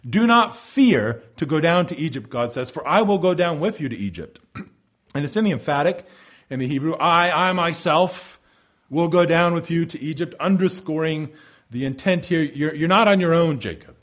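Earnest preaching man, slightly high voice. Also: lively intonation, normal speed. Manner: earnest, expository preaching with emphatic rises and soft drops. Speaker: pastor. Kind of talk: sermon.

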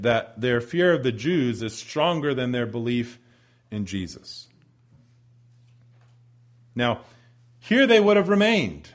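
A male preacher delivering a sermon, swinging from loud emphasis to a near whisper with long dramatic pauses. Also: on the high side.

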